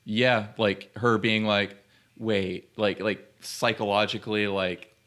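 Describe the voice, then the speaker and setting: Young man, podcast co-host, low-pitched, rambling, filler-heavy casual talk. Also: little pitch movement, takes it slowly, a bit bright. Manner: rambling, many fillers, thinks aloud. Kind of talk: casual film discussion.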